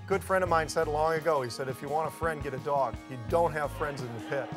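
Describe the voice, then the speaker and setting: A man's voice: on the high side, quick pace, music in the background. A man, a former floor trader, recalling the pits plainly and emphatically in a documentary interview.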